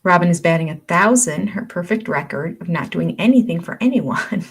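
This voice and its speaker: A woman's voice: lowish voice, husky. An older woman hosting a livestream, chatting casually, reading viewer comments aloud and laughing often. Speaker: livestream host.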